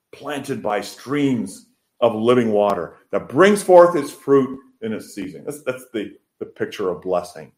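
A man preaching a sermon as pastor, rising to loud, emphatic pleading and then dropping back to soft, quiet talk. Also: lowish voice. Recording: roomy echo.

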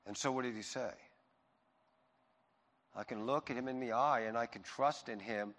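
A male pastor preaching with a bright, forceful voice that carries through a large hall with long reverb. He swings from loud emphasis to quiet reassurance as he speaks to his congregation. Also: mid-range voice, normal speed. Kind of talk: sermon.

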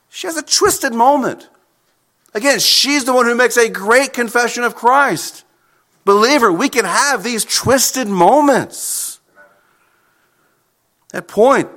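A man delivers a sermon in an expressive, animated way. His voice sits high for a man and rises and falls a lot. The tone is bright and forward. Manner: expressive preaching, acts out quoted lines. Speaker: pastor.

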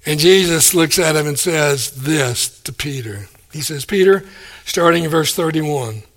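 A man preaching a sermon, animated, acting out the people he quotes and chuckling between points. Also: fairly high pitch, unhurried. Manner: animated, acts out quoted speakers.

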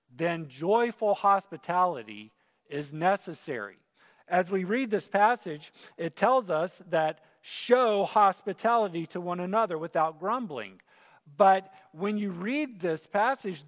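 A man's voice: high-pitched, a bit bright. A man preaching a sermon in an auditorium, earnest and conversational. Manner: earnest, conversational, with acted quotes. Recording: reverberant hall.

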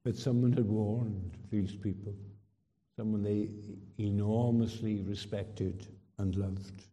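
Slow, dark-voiced preacher in a reverberant hall. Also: male voice, on the low side, steady tone. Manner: emphatic, rhetorical questions and repetitions. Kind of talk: sermon.

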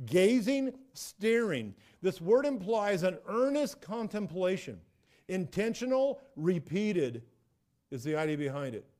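A man's voice: high voice, warm tone. A middle-aged man preaching a sermon as a pastor, emphatic and repetitive, often restarting his phrases.

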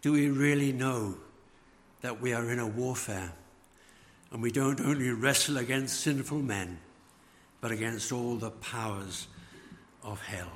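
A man preaching a sermon, slow and emphatic, letting phrase ends fall away. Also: medium pitch, slight background noise. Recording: long church reverb.

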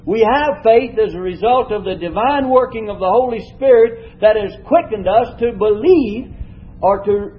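A man teaching a Bible lesson, reading scripture slowly and stressing different words as he explains. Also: high voice, husky. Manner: measured teaching, reads scripture slowly with shifting emphasis. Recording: dull lo-fi recording.

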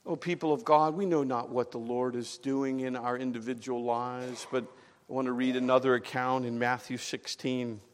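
A man preaching a sermon as pastor, rising to loud emphatic peaks and dropping to hushed lines. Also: mid-range voice, in a large hall. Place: church sanctuary.

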